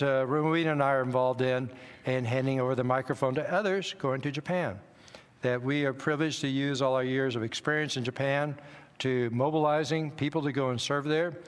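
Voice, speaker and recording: An older man speaking from a church platform, telling wry, self-deprecating missionary stories in a relaxed, anecdotal way. His voice sits at an ordinary middle pitch. It rings out with a long hall echo. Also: clean tone. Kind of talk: church talk with personal stories. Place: church sanctuary.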